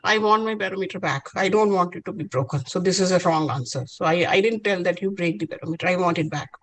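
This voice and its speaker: A man's voice: high-pitched, quick pace, a bit bright, voice pushed down, low-quality recording. A woman telling of an exasperated strict teacher. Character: strict, irritated male science teacher.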